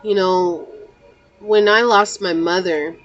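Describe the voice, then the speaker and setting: A woman's voice: fairly low pitch, steady tone, slow, fairly bright tone, muffled recording, faint music behind. A woman host talking earnestly and emotionally to her viewers, near tears at times, repeating phrases and often saying "you know". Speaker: tarot channel host. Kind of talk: personal heartfelt talk to viewers.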